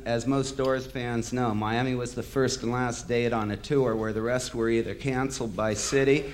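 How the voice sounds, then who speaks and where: A man's voice: medium pitch, steady tone, moderate pace, a little hiss or hum. A man giving an impassioned spoken-word monologue, bitter and sardonic, swearing freely and building to angry outbursts. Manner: heated, swelling to angry outbursts.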